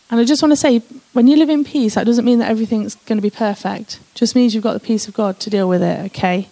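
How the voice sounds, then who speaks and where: Emphatic woman giving testimony, higher voice. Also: fast, creaky, few pauses, mellow, low-quality recording. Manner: emphatic, addresses listeners as "guys". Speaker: speaker sharing her testimony. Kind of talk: personal testimony with scripture reading.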